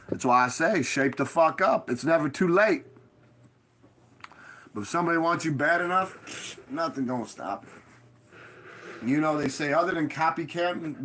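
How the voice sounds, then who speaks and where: Man, rambling monologue, street slang, heavy swearing, blunt stern warnings, mid pitch. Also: a bit bright. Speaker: vlogger giving street advice.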